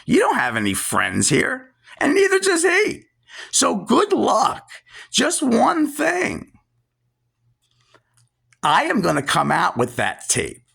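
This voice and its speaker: A man in his sixties ranting scornfully, straight into the camera, at a relative, pausing to stress his words. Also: fairly high pitch, creaky, sharp tone, slightly rough. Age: 60s. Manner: scornful, drawn-out emphatic pauses. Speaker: vlogger. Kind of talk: angry direct-address rant.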